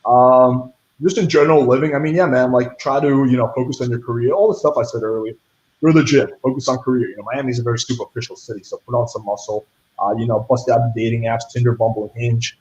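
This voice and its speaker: A man's voice: medium pitch, fairly even intonation, fast talker, darkish tone, highs cut off. A young man telling a story in a casual interview, blunt and profane, full of fillers like "like" and "right". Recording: echoey room.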